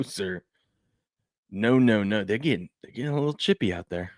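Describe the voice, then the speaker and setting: Hosting a loose sports talk show, a man speaks briskly in a slightly low, somewhat bright voice. He rambles, repeats himself, and stumbles into restarts full of fillers, all recorded close and dry with no echo.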